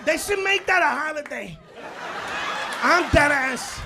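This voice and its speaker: A male stand-up comedian on a club stage, acting out scenes and shouting punchlines, with Spanish words mixed in. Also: very high voice, animated, unhurried, pauses often. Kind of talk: live stand-up set. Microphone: handheld stage mic. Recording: live club recording with crowd noise. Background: laughing audience.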